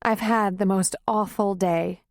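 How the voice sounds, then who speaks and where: A woman's voice: medium pitch, fairly even intonation, a little slow, no room sound, natural voice. Audiobook figure: worn-out young woman, weak and tearful, dry close sound, as a woman narrator voices her. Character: young woman, weary nurse.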